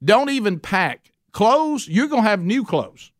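Preacher playing an eager ancient king, voice pushed up high, very dry sound. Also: sing-song, no echo. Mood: excited. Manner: eager, boastful, rapid-fire promises. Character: excited generous ancient king, male adult.

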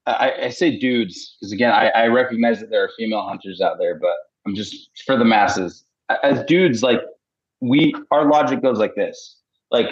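A rambling, animated man in his thirties, a podcast guest from Utah, talking about hunting and family. His voice sits at an ordinary pitch, and the audio has a slightly dull, lo-fi tone. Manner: rambling and animated, heavy filler "like", acts out quoted voices. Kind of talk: casual podcast chat.

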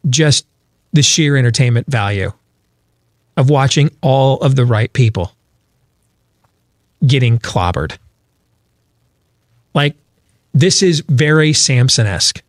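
A man's voice: medium pitch, lively intonation, slow pace, long pauses, dry recording, studio quality. A man hosting a political talk show, talking emphatically with rhetorical questions and frequent restarts.

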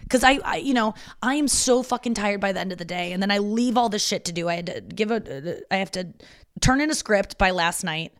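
A woman comedian in her thirties talking in a quick, profane solo podcast monologue, with many restarts and asides. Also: medium pitch, expressive, dry recording, clean studio sound.

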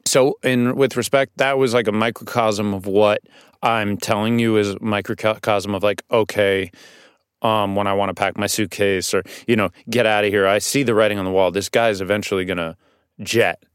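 A man guesting on a podcast as an actor, telling stories casually in a studio, animated and swearing now and then. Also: on the low side, moderate pace, clear, resonant tone, no echo. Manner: animated storytelling with restarts and swearing.

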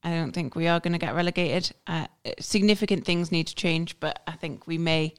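Male host, smooth and resonant, upbeat presenter. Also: fairly high pitch, steady tone, brisk, a bit bright. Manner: upbeat, wrapping up. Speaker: podcast host. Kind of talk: podcast hosting.

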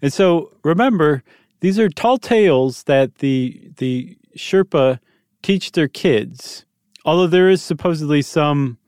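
A man co-hosting a casual podcast, telling a story in a relaxed, joking way. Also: a little high, slow pace, smooth, no room sound, studio quality. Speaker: podcast co-host.

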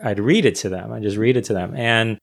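Guy with a lowish voice hosting a podcast, easygoing chatty interview talk. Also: brisk, gravelly. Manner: relaxed, chatty, frequent fillers. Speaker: podcast host. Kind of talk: casual interview chat.

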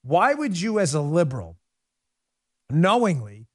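A middle-aged man hosting a political talk show, delivering a casual, sarcastic commentary monologue with lots of quick asides. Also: a little high, dry recording, clean studio sound. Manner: animated, sarcastic, rapid asides.

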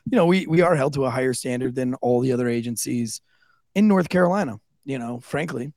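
A man's voice: medium pitch, brisk, darkish tone, dry recording, studio quality. A man, a former police officer, casually telling stories as a podcast guest, swearing freely and loaded with fillers. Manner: loose, profane, filler-heavy. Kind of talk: casual storytelling. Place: studio.

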